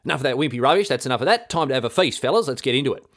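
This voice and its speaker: A man's voice: mid-range voice, animated, rapid-fire, a bit bright. A man voicing a scheming, vengeful medieval queen in casual slang, offhand and blokey. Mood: breezy, scheming.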